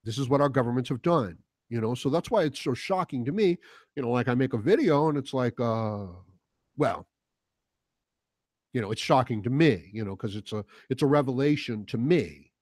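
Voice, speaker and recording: A political commentary host delivers a heated, profane monologue in a casual style, mocking the voices he quotes. His mid-range voice is animated and a little mellow, at a moderate pace. The studio recording is clean, with no room sound.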